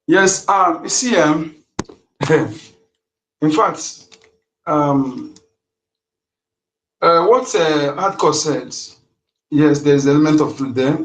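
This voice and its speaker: Give me a man with a high voice, speaking to a room online. Make it heated and insistent, stumble into restarts and fillers, and repeat the key points. The sound should be roomy and echoing. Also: drawn-out words, pauses often. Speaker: participant in an online audio space. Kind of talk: impassioned speech to an online audience.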